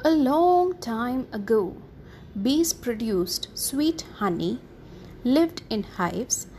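Woman, storyteller, children's story, slightly high voice, unhurried. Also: a little hiss or hum, poor audio. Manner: slow, expressive and sing-song. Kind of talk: reading a children's story aloud.

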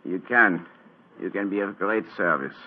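An actor playing a wounded, bedridden German count with a German accent, breathy and halting, in a 1940s radio drama. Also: male voice, low-pitched. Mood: weak, earnest. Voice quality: breathy, halting, many hesitations. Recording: tinny old radio broadcast.

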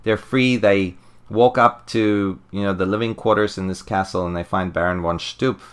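A man's voice: lowish voice, fairly even intonation, normal speed, clear, resonant tone. A man co-hosting a podcast, eagerly retelling a comic story, laughing often and acting out lines. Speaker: podcast co-host. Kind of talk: casual podcast chat recapping a comic.

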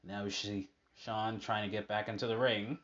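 A man's voice: lowish voice, level tone, normal speed, a bit bright, dull audio. A man casually chatting over old match footage, rambling with many fillers and asides. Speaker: fan commentating on old matches.

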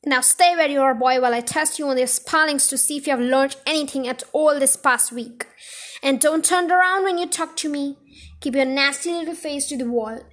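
A woman's voice: sits high, fairly quick, fairly bright tone. A woman voicing a huge, bullying headmistress who barks and bellows insults while reading a storybook aloud. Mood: bellowing, scornful. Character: huge bullying female headmistress, harsh and scornful.

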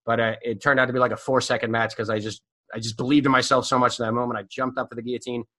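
Bright-voiced man telling casual stories. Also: mid-range voice, rapid-fire. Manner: animated, profane, full of fillers. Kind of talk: casual storytelling.

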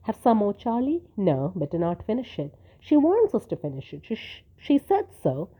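A woman doing gruff policemen chatting over a meal. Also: medium pitch, wildly swooping pitch, normal speed, dark tone. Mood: casual. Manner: casual and gruff, talking with mouths full. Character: hungry male policemen chatting over dinner. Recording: tinny phone-like sound.

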